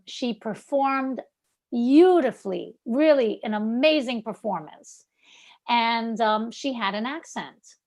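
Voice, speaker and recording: A woman with a Brooklyn accent coaches an actor over a video call. Her voice sits a little high, and she talks in an animated, chatty way with plenty of "like" and "um". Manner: animated, chatty, many fillers like "like" and "um". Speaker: acting coach. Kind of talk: coaching feedback.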